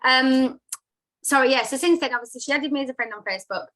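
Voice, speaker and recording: Bright, chatty woman host. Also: sits high, fast talker. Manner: chatty, upbeat, lots of "like" fillers. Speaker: host of a business chat. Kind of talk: casual live video chat.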